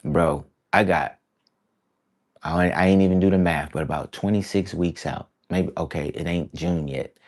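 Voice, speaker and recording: A man with a fairly low voice speaks casually to camera as an artist sharing his thoughts. He rambles and reflects, drops slang like "bruh" and "y'all" throughout, and circles back on his ideas. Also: moderate pace, a little mellow. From East Coast of the United States. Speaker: artist vlogger.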